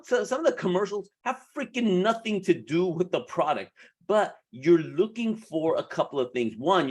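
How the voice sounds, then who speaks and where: A man coaching beauty professionals in a casual, animated way, laughing often and restarting his sentences. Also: medium pitch.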